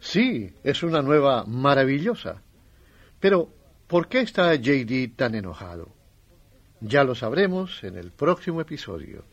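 A man hosting a language lesson, explaining clearly and instructively. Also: medium pitch, big pitch swings, normal speed, dull audio. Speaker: host.

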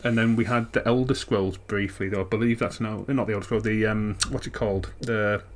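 A man's voice: on the low side, fairly even intonation, a little fast. A man with a Yorkshire accent talking hesitantly in a casual podcast chat, with many fillers. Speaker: podcast guest. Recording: faint background noise.

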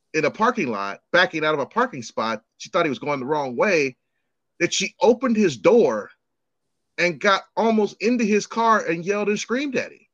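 High-pitched and heard on dull audio with no room sound, a middle-aged podcast host tells stories in a casual chat. He's lively, mimics the voices of the people in them, and swears freely.

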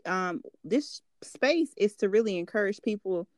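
A woman's voice: mid-range voice, animated, measured pace, no echo. A woman hosting a faith podcast, affirming and encouraging her guest in casual talk. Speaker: podcast host.

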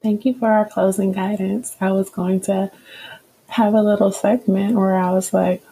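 A woman host speaks with a gravelly, deeply husky voice that has a dark, mellow color. Her manner is gentle and appreciative as she wraps up the chat with her guest. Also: level tone, moderate pace, low-quality recording. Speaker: podcast host. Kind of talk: casual interview chat.

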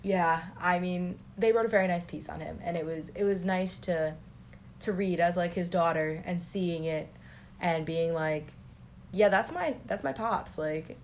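A woman's voice: on the low side, steady tone, normal speed, darkish tone, a little hiss or hum. A young woman telling family stories in casual chat, rambling with many filler words.

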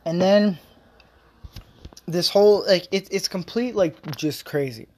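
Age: adult. Sex: man. Style: casual political rant. Pitch: fairly high. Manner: rambling, filler-heavy, blunt, profane. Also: slow pace, a little mellow. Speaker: vlogger giving political commentary.

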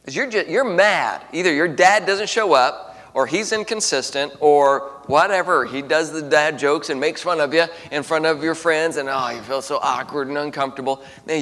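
A man preaching a sermon to young people, animated, swinging between loud emphasis and hushed storytelling. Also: a little high, moderate pace. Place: large auditorium. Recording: long hall reverb.

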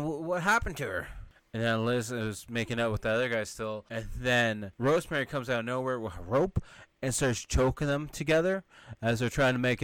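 A man's voice: medium pitch, a bit bright, clean tone, no echo. A young man hosting a podcast, casually retelling a horror film scene by scene and sometimes mimicking the characters. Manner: retells scenes, quoting characters in brief exaggerated voices; laughs here and there, sarcastic asides. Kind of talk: casual movie recap.

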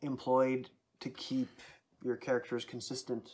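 A man's voice: mid-range voice, little pitch movement, unhurried, darkish tone. Man explaining game-master tips. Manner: thoughtful, explaining tips at length. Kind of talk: casual podcast chat.

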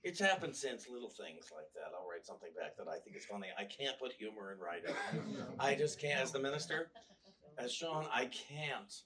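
A man's voice: medium pitch, far from the mic. A male minister giving a casual, storytelling sermon with wry humor, often restarting his sentences. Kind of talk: conversational sermon. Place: church.

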